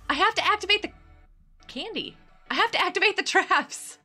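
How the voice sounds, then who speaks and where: A woman's voice: very high voice, animated, brisk, bright, forceful tone, soft background music. A woman streaming a game live, chatting with her viewers in a bubbly, giggly way. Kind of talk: casual live-stream chatter while gaming.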